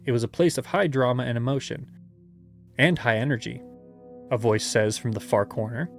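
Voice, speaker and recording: A man's voice: mid-range voice, normal speed, creaky, soft background music. A man reading a gamebook aloud as game master, with playful asides and laughter.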